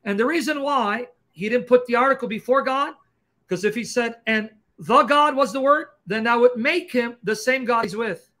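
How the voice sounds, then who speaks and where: A man hosting a livestream Q&A and explaining grammar point by point in a fast, emphatic, combative lecturing style. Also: very high voice, sharp tone. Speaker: Christian apologist host. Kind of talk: livestream teaching Q&A.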